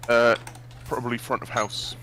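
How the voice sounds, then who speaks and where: A man's voice: mid-range voice, flat delivery, normal speed, bright, forceful tone, a little hiss or hum. A man in a casual chat with friends while gaming, correcting the others in a pedantic way.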